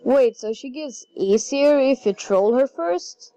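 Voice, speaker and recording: A woman chatting casually while playing a video game, excitable and easily flustered. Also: high-pitched, slow, muffled recording. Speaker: gaming channel host. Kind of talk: casual gameplay commentary. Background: faint game music.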